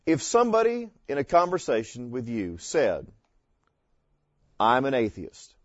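A man's voice: medium pitch, big pitch swings, normal speed, darkish tone, no echo. Man, class instructor, conversational lecture, rhetorical questions, muffled lo-fi sound, dry. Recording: dull dry lo-fi lecture recording.

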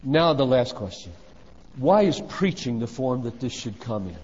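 A man preaching a sermon. He swings between loud urgent exhortation and hushed, low phrases. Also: big pitch swings, moderate pace, breathy edge. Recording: dull reverberant hall recording.

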